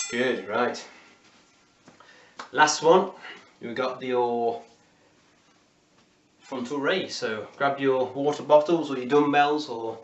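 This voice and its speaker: A man's voice: mid-range voice, takes it slowly, pauses often, roomy sound, far from the mic, a little hiss or hum. A man with an English accent leading a home workout class, encouraging and counting down reps. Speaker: fitness instructor.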